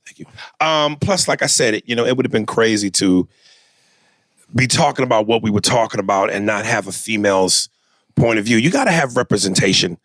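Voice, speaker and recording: A man's voice: fairly low pitch, lively intonation, brisk, a bit bright, dry recording. A man co-hosting a comedy podcast, chatting crudely and loosely and reading out listener emails. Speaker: podcast co-host. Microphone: studio mic with headphones.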